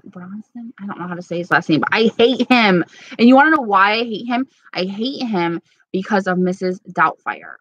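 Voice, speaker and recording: A woman's voice: mid-range voice, fairly bright tone, no echo, dull audio. A woman casually chatting with her viewers, playful and gossipy, laughing often. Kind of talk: casual chat reading live comments.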